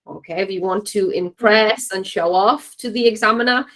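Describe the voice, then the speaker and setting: A woman's voice: medium pitch, moderate pace, fairly bright tone, low-quality recording. A woman teaching a class to exam students, keeping it light and encouraging and checking in with "okay?" after nearly every point. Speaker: English teacher.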